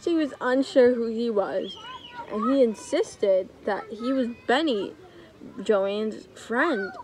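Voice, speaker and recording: A young woman improvising a story at home, unhurried, with playful asides. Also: fairly high pitch, a little mellow, rough recording. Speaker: co-host telling a story.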